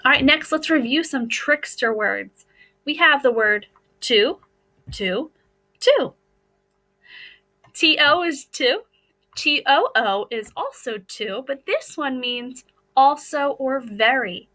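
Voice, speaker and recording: Female teacher, American accent, unhurried and patient, clear bright tone. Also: high-pitched, rough recording. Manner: slow, patient, step-by-step explaining. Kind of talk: phonics lesson over slides.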